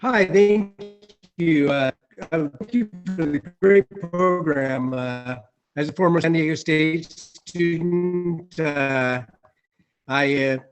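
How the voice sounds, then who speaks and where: Male candidate, slightly high voice, hesitant, video call. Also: takes it slowly, faint music behind, poor audio. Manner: hesitant, with many uhs. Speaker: local candidate. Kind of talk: campaign statement at an online meeting.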